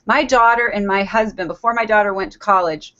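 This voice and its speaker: A woman's voice: mid-range voice, brisk, pushed and bright, lo-fi sound. A middle-aged woman giving an earnest motivational talk on a group call, repeating herself and laughing often.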